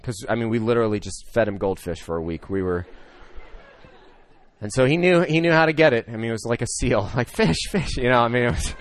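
A man in his thirties preaching a sermon, telling a personal story that swings between loud excitement and hushed emotion. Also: mid-range voice, fast talker. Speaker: pastor.

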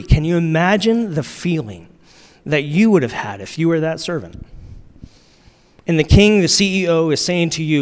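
A man preaching a sermon in a relaxed, conversational way, using slang and repeating his key lines for emphasis. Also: a little high, moderate pace. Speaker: pastor. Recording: long reverb of a large hall.

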